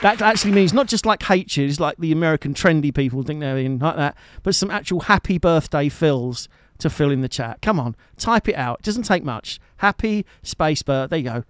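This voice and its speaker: A chatty man hosts his live stream in a joking, affectionate way, full of teasing asides. His voice sits high for a man and sounds smooth and clear. The sound is close and dry, from a home studio mic. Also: lively intonation, moderate pace, hardly any pauses, dry recording. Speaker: live-streaming guitarist and host. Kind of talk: casual chat to a live stream audience.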